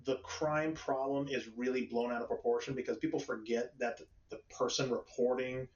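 A man's voice: medium pitch, steady tone, moderate pace, a little mellow. A man from the United States tells stories in a loose, rambling way, swearing freely and laughing often. His voice comes from far off the mic in a roomy space. The audio is dull and lo-fi. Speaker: conversation partner. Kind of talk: casual chat.

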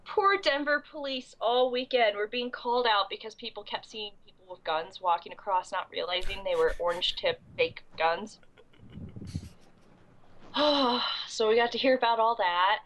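A woman's voice: a little high, moderate pace, a bit bright, slight background noise, low-quality recording. Congested woman with coughing fits. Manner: rambling with many ums and restarts. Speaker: convention goer recapping the event. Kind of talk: casual podcast chat.

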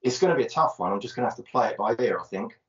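A male podcast guest with a mid-pitched voice who gives dry, joking replies. He sounds far from the mic, in an echoey room, on a dull, lo-fi recording. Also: expressive, rapid-fire. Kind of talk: casual chat. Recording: roomy, distant, lo-fi.

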